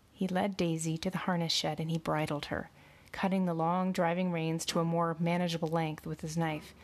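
A woman narrating a novel aloud in a measured, expressive reading. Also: on the low side. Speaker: audiobook narrator. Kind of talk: storybook narration.

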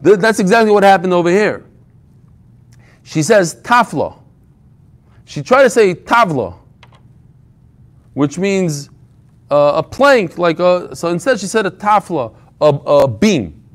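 A man's voice: high-pitched, animated, measured pace. A man teaching an informal Talmud class, telling the story with humor and frequent restarts.

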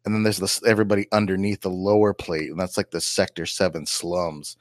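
A man's voice: low voice, fairly even intonation, brisk, no room sound, studio quality. A man co-hosting a podcast, talking loosely with lots of restarts and fillers. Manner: rambling, with many restarts and fillers. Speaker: podcast co-host. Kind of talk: casual chat.

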